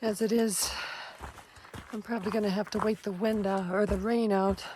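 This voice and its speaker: A woman's voice: mid-range voice, fairly even intonation, moderate pace, dark tone, slight background noise. A woman hiker talking casually to her camera outdoors on a rocky trail, chatty and plainspoken, sighing between thoughts. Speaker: long-distance hiker vlogger. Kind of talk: casual vlog talk to camera.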